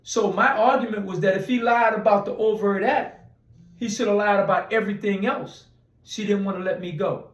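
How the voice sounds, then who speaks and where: A man's voice: high voice, moderate pace, reverberant, far from the mic, rough recording. A man telling a long personal story in a casual interview, rambling with restarts and acting out quoted dialogue. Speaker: interview guest.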